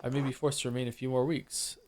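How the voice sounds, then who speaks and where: A man's voice: medium pitch, flat delivery, a little mellow, natural voice. A man voicing a courteous merchant, on a noisy recording. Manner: courteous, measured. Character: Italian male merchant, polite and formal.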